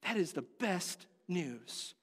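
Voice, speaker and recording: A man's voice: high voice, sing-song, takes it slowly, a bit bright, slightly rough, big-room sound. A man preaching a sermon as pastor, earnest and conversational, asking the congregation direct questions. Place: church sanctuary.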